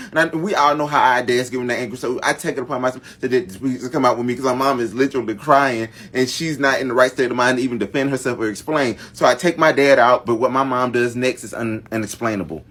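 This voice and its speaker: A man's voice: mid-range voice, quick pace, hardly any pauses, a bit bright. A man telling a dramatic story. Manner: dramatic, addresses viewers directly. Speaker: storytime vlogger. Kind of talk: casual storytime monologue.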